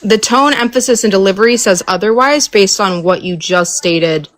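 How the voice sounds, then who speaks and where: A woman's voice: mid-range voice, normal speed, fairly bright tone. Insistent woman stumbling over her words. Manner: insistent, stammering restarts. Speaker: panel guest. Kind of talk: heated live debate.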